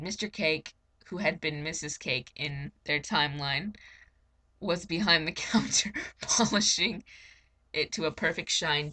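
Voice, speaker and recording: A woman's voice: deep voice, bright, forceful tone. A young woman reading fan fiction aloud, doing voices for the characters, stumbling over words and laughing at her own slips.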